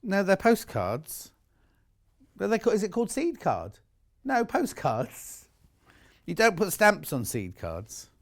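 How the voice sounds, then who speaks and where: A man's voice: high voice, wildly swooping pitch, takes it slowly, pauses often. A man presenting live shopping television, chatting and bantering with his co-workers. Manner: chatty, bantering, chuckling asides.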